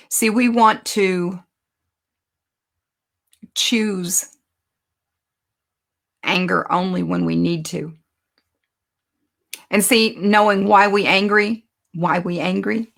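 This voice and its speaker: A woman giving a conversational sermon, telling stories and slowing down to stress her points. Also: fairly low pitch, creaky, a bit bright. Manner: conversational, storytelling, self-deprecating asides. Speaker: speaker teaching a Bible lesson.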